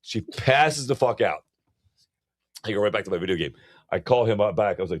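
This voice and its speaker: A man co-hosting a casual podcast, an animated storyteller who swears a lot and keeps saying bro. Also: lowish voice, normal speed, no echo, studio quality. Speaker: podcast co-host. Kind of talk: casual chat.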